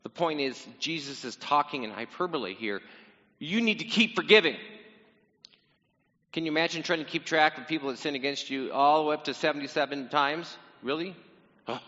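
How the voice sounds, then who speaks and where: A man's voice: fairly high pitch, fairly quick, a bit bright. A man preaching a sermon in a casual, teasing way, talking straight to his congregation. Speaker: pastor. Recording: dull sound in a reverberant hall.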